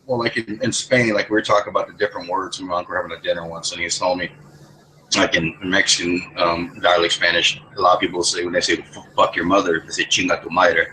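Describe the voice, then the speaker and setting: A man's voice: sits low, steady tone, quick pace, pushed and bright, rough recording. A man in casual group chat, rambling and cursing, with many restarts. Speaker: lobby chat participant.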